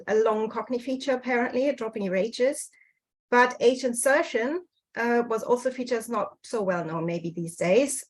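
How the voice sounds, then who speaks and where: A woman's voice: on the high side, poor audio. A woman giving an online slide talk over a video call, speaking hesitantly with many fillers and restarts. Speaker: speaker presenting on dialect history.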